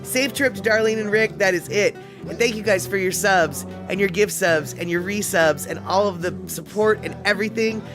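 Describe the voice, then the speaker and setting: A woman's voice: mid-range voice, normal speed, hardly any pauses, over music. A woman hosting a live stream, chatting casually and rambling with lots of fillers. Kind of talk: casual chat.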